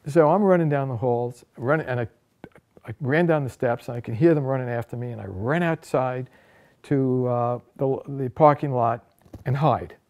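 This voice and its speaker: Mellow-voiced man telling a lively anecdote. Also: medium pitch, normal speed, highs cut off. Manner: animated storyteller, voice rises and gets louder at dramatic moments. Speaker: author recounting a personal anecdote. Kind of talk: first-person storytelling.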